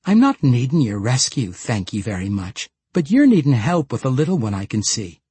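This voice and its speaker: A man voicing a lively, hopeful young woman from a fantasy audiobook who talks in a folksy dialect. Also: medium pitch, moderate pace, breathy edge, dry recording. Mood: eager.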